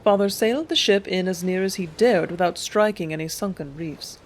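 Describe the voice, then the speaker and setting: Calm woman reading an audiobook. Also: lowish voice, normal speed, slight background noise. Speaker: audiobook narrator. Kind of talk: audiobook reading, first-person memoir.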